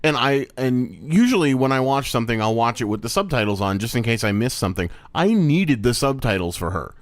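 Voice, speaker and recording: Lively-pitched male podcast co-host, dry sound. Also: a little fast, no room sound. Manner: lively, mimics voices in a high squeal. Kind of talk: casual chat.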